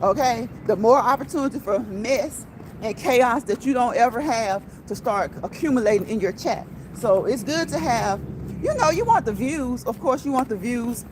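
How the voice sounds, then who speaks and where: A woman's voice: on the high side, expressive, moderate pace. A woman, hosting a casual livestream chat while walking outdoors, playful and chatty, often laughing and talking straight to her chat. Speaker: livestream host. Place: outdoors on a city street. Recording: outdoor street noise with traffic.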